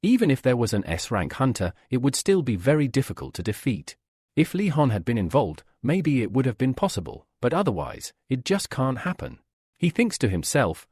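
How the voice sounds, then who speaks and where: A man narrating a comic recap in steady scripted storytelling. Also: mid-range voice, normal speed, husky, no room sound, studio quality. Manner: steady storytelling, reads all quotes.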